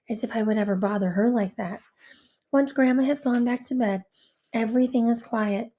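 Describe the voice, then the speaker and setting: High-voiced woman narrating an audiobook. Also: moderate pace, mellow. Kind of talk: first-person audiobook narration.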